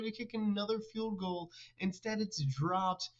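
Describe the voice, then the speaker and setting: A man's voice: sits high, expressive, normal speed, hardly any pauses, lo-fi sound. Chatty male game commentator. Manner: upbeat, chatty, teasing. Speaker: host and commentator. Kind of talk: casual game commentary and interviews.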